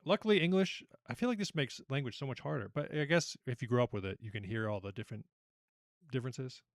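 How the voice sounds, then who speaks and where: A young man hosting a casual online trivia night, chatty and animated as he reads out questions and reacts to the players. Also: medium pitch, fast talker, dry recording, clean studio sound. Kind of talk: casual livestream quiz hosting.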